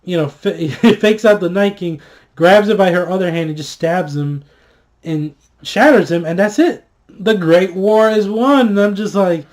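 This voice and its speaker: Excitable, foul-mouthed man reviewing a show. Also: high voice, unhurried. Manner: excitable, swears freely, many fillers and restarts. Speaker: TV episode reviewer. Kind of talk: casual spoken review.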